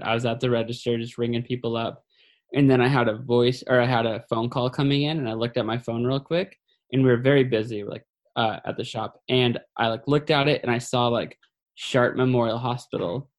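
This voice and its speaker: A man sharing a personal story in a halting, somber way. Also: mid-range voice. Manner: halting, full of fillers and restarts; somber, grieving.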